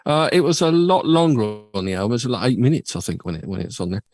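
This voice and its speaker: A man's voice: mid-range voice, lively intonation, fast, darkish tone, no room sound. Chatty man in a dry studio. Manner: chatty, rambling anecdotes with many fillers. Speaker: radio show host. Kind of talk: casual chat.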